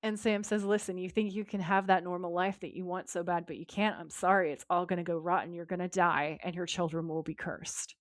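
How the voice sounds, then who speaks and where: A woman co-hosting a podcast, retelling a TV episode with lively quoted lines in casual chat. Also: on the low side, a little fast, hardly any pauses, no echo, clean studio sound. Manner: lively retelling, quoting characters in her own voice. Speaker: podcast co-host.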